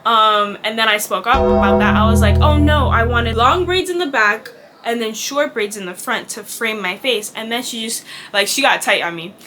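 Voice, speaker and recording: A woman's voice: on the high side, moderate pace, over music. A young woman vlogger telling a casual storytime, candid and chatty, swearing freely and acting out what people said. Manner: candid and chatty, swears, acts out quoted dialogue.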